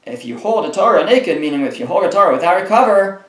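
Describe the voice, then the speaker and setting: A man teaching a daily page of Talmud. His voice sits a little higher than most men's and carries a roomy echo. He reads out short phrases, translates them, and explains them in plain words, often stopping to restart a sentence. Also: animated, fast, a bit bright.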